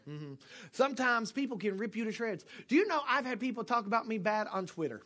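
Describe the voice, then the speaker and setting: A middle-aged man preaching a sermon as pastor, joking with the congregation and swinging from quiet asides to loud shouts. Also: high voice, lively intonation, brisk.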